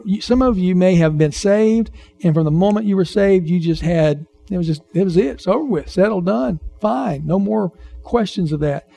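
A man's voice: sits high, warm tone. A man preaching a sermon as pastor, conversational, repeating phrases and questioning the congregation.

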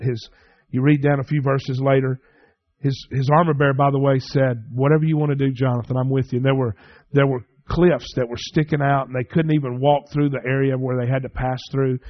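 A middle-aged man preaching a sermon, telling stories and acting out the dialogue with lively emphasis. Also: mid-range voice, no room sound, muffled recording. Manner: storytelling, animated, acts out dialogue. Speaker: pastor.

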